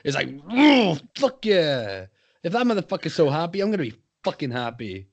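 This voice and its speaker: A man's voice: fairly high pitch, big pitch swings, racing, muffled recording. A man co-hosting a casual podcast chat, talking emphatically and profanely about staying positive. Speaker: podcast co-host.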